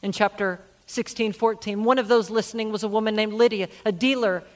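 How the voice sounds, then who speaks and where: A middle-aged senior pastor preaches a sermon, telling stories earnestly and repeating phrases for emphasis. His voice sits high, stays steady in tone, and moves a little fast.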